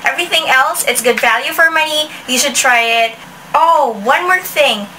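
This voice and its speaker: A woman with a high, bright voice chats casually through a product review, often restarting her sentences. She sounds a little far from the mic, with a faint hiss behind her. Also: moderate pace. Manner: chatty, with restarts and frequent "like". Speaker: beauty vlogger.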